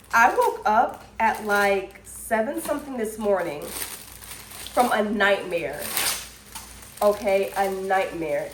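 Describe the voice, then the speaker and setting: A woman's voice: medium pitch, slight background noise. Chatty young woman vlogger, echoey room. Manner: chatty, animated, lots of "like" and "y'all". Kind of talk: casual storytelling to camera.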